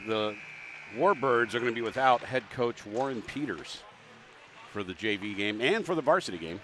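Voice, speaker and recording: A man's voice: fairly low pitch, animated, moderate pace, a bit bright, slight background noise. A man announcing a local hockey broadcast from a mobile booth at the rink, rambling and joking about himself. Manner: rambling, joking, self-deprecating. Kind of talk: live local sports broadcast.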